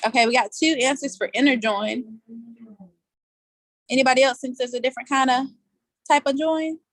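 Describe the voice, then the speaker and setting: Hosting a laid-back live online quiz from outdoors over a video call, a woman jokes around, laughs a lot and talks in loose slang. She speaks at normal speed in a high-pitched, fairly bright voice with fairly even intonation. There is no echo.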